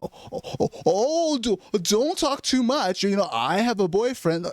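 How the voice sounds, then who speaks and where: A man's voice: high voice, big pitch swings, unhurried, no echo, clean studio sound, pitched above the performer's own voice. A man mimicking a smug young woman who dismissively brushes off a man. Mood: haughty. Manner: prissy, dismissive.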